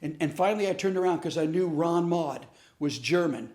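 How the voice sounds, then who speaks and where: Animated man telling stories in a class. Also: on the high side, a little fast, reverberant. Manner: animated storyteller acting out dialogue. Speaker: comedian teaching a class on bullying. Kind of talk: storytelling lesson.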